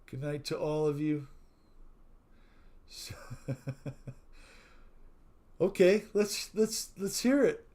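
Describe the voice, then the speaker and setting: A man hosting a casual live stream, reading out viewers' jokes, laughing often and signing off to his chat. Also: on the high side. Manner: slow, warm sign-off talk with frequent laughing at chat jokes. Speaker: livestream host.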